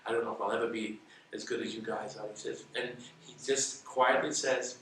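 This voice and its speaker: A man's voice: mid-range voice, a little fast. A man telling stories in a casual interview, acting out the dialogue as he goes. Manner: animated, acts out quoted dialogue. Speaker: interview guest. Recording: echoey room, distant mic, faint noise.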